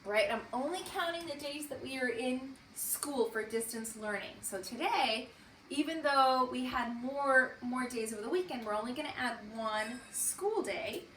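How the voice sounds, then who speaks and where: A woman teaching first graders in a remote morning meeting, speaking slowly and clearly to young children in an encouraging way. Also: high voice, animated, fairly bright tone, distant mic, a little hiss or hum. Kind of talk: morning meeting for distance learning. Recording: echoey room, voice from off-mic.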